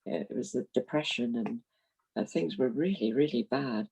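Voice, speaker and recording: An eighties-aged woman from London, a retired minister, reminisces in an interview, chatty and frank and laughing often as she tells stories. Her voice is extremely low, mellow, with vocal fry, at a moderate pace. The rough recording carries a little hiss or hum.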